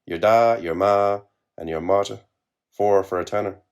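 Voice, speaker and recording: A man voicing a serene older woman street seller who chants her pitch in a flat, sing-song voice. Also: a little slow, clear, resonant tone. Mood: chanting.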